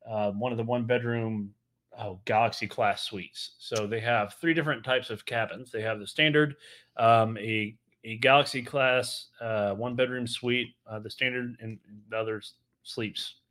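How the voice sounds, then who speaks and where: A man's voice: mid-range voice, fairly even intonation, moderate pace, fairly bright tone. A man co-hosting a live travel show in casual chat, rambling with many fillers and restarts. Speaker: co-host of a travel podcast.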